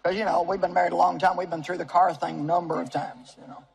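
A woman's voice: lowish voice, level tone, quick pace, gravelly, darkish tone. Older woman in her 70s, from Missouri, preaching on stage: folksy, joking, plain-spoken, with faint room noise behind. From Missouri, United States. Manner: folksy, humorous storytelling with audience asides. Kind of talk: sermon to a live audience. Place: stage before an audience.

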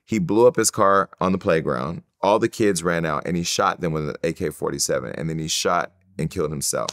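A man from California, a guest in an interview, telling personal stories in an animated way and acting out the voices of others. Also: low voice, brisk, no echo, clean studio sound. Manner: animated storyteller who acts out quoted voices.

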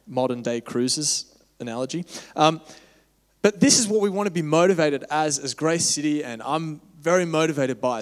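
A young man giving a casual, candid church talk with a personal story, rambling with many fillers. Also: a little high. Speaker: church speaker on mission. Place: church hall. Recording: echoey church hall.

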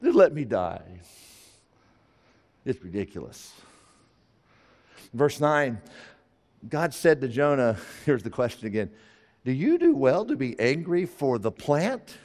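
A man preaching a sermon, animated, sometimes putting on high whiny voices for characters. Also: measured pace, long pauses, long reverb tail. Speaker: pastor.

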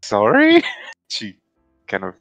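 A man playing a tabletop game, describing his character in a casual, relaxed way. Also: lowish voice, a little slow, no echo, muffled recording, soft background music. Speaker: player.

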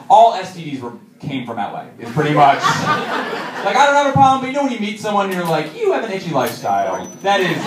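A man doing a stand-up set, telling self-mocking stories with lively shouted punchlines before a live audience. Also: on the high side. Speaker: stand-up comedian. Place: comedy club stage with audience. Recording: roomy, distant live club recording.

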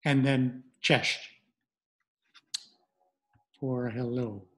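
A middle-aged man presenting an online language lesson, speaking haltingly with many fillers and restarts. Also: fairly high pitch, fairly even intonation.

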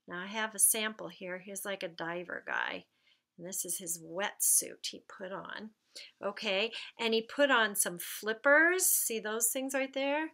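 A woman leading a church children's message, speaking gently and slowly to young kids as she tells a story and prays. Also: a little high.

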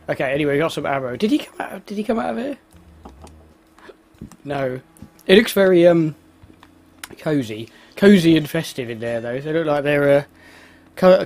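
A man giving casual, self-mocking commentary while playing a video game. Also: a little high. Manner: chatty, exclaims at the game, laughs at himself. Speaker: let's play host.

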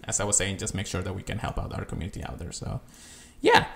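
A man co-hosting a casual gaming podcast, chatty and rambling with lots of fillers and restarts, sometimes reading text aloud in a careful flat way. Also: deep voice, fast talker, gravelly. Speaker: podcast co-host.

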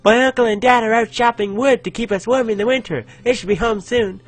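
A man putting on a high breathy little girl. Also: fairly quick. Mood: chatty. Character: young village girl, sweet and chatty.

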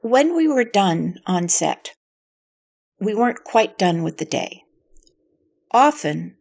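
Gravelly older woman recalling stories. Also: medium pitch, darkish tone. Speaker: actress interviewee. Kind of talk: reflective interview storytelling.

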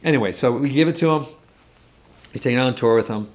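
A man who co-hosts a guitar shop channel, telling a story in casual chat. He rambles, jokes and makes quick asides. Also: medium pitch.

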